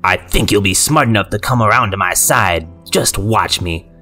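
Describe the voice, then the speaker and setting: A man voicing a possessed military general who speaks gruffly, slowly and with eerie care. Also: fairly low pitch, lively intonation, pushed and bright, soft background music. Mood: menacing. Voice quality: gruff, slow and delicate. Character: sinister male military general, possessed, coldly coaxing.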